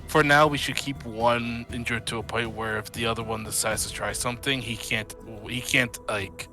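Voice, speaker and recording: A man's voice: mid-range voice, steady tone, moderate pace, pushed and bright, soft background music. A man playing a tabletop game, laying out cautious tactics. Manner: cautious, strategic. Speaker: player. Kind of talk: casual tabletop game chat.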